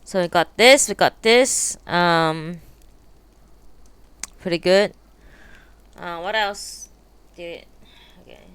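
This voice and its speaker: A woman's voice: fairly low pitch, slow pace, long pauses, fairly bright tone, clear, resonant tone. A woman streamer chatting live while she sets up, exasperated, swearing and muttering to herself.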